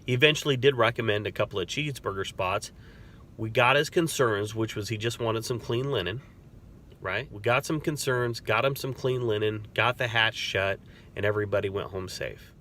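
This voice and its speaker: A man's voice: fairly low pitch, normal speed, a bit bright, a little hiss or hum. A man who works as a corrections officer and crisis negotiator, talking earnestly and telling a story in a conversational way. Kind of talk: casual advice talk with stories.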